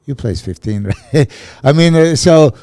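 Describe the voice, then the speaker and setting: A man co-hosting a casual podcast chat as a bodybuilding coach, talking haltingly with many restarts and fillers. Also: a little high, expressive, mellow, no echo.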